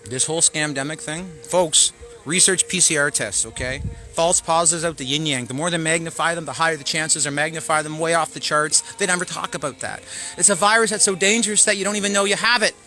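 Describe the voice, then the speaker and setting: A man, hosting his own show and ranting angrily to camera, profane, swinging between shouting and muttering. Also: on the high side, a little fast, soft background music. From Canada. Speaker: show host. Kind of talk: angry political rant to camera.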